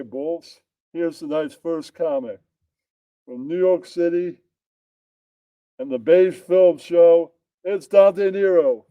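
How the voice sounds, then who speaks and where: A man hosting a comedy bit, narrating at a slow pace in an offhand, joking manner. His voice sits fairly high, and the recording is dull, lo-fi and dry.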